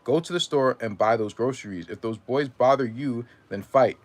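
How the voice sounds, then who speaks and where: A man's voice: mid-range voice, normal speed, natural voice. A man reading aloud and voicing a stern, hard-pressed mother who gives clipped, final commands.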